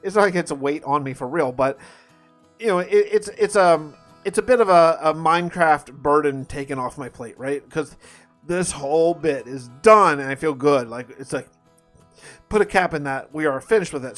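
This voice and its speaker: A man's voice: a little high, normal speed, fairly bright tone, soft background music. A man hosting a gaming channel, chatting casually over his gameplay in a rambling, upbeat way that often repeats words.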